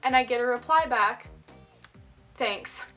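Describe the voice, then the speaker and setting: A young woman chatting to her camera in a bright, sharp-toned voice that sits a little high. She talks in a self-mocking way, full of fillers. Soft music plays faintly behind her. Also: normal speed. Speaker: vlogger. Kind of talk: casual chat to camera.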